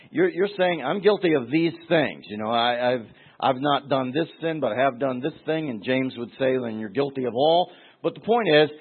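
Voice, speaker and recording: A man's voice: fairly high pitch, slightly rough. A man teaching verse by verse through a Bible passage, emphatic, repeating words and acting out the voices he quotes. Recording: tinny phone-like recording.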